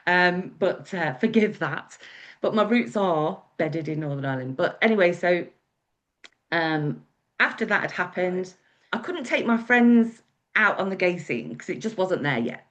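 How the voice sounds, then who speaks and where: A woman's voice: on the low side, animated, unhurried, fairly bright tone. A woman with an English accent, telling her own story as a guest speaker in a chatty, candid way. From England. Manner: chatty, candid, with acted-out quotes. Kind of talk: personal storytelling.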